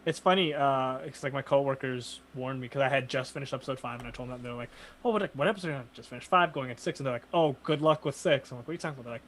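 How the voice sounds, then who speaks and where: A young man co-hosting a podcast, chatting casually, bluntly swearing and telling animated stories. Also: medium pitch, rapid-fire, hardly any pauses, slight background noise. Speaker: podcast co-host. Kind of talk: casual chat.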